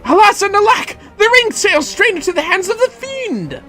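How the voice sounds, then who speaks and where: A grandiloquent, pompous gentleman adventurer from a game declaims in slow, high, sweeping phrases, as a woman puts him on. Every line is drawn out with old-fashioned flourish and lofty indignation. Soft music plays underneath. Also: sing-song, exaggerated voice. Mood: dramatic. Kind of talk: dramatic reading of game lines.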